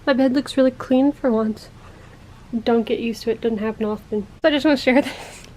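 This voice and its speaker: College-age woman vlogger, chatty and rambling, high voice. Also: a little fast, a little mellow, slight background noise. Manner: rambling, chatty, laughs when embarrassed. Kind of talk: casual vlog.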